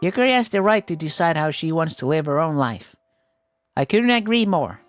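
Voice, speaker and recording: A man's voice: fairly high pitch, big pitch swings, normal speed, soft background music. A man voicing an earnest teenage festival-club president. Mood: resolute. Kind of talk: reading a game story aloud with voices.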